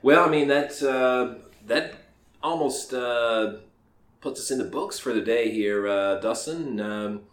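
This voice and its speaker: A man's voice: medium pitch, slow pace, a bit bright, echoey room. A man co-hosting a podcast, chatting casually in a rambling way, with plenty of hesitations and the odd swear. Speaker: podcast co-host. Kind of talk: casual chat.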